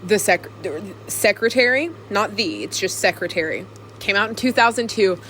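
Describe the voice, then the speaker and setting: A woman's voice: medium pitch, expressive, normal speed, pushed and bright, slight background noise. A young woman vlogging to her camcorder alone, chatting casually in a rambling, giggly way. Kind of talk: casual chat to camera. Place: alone in a room.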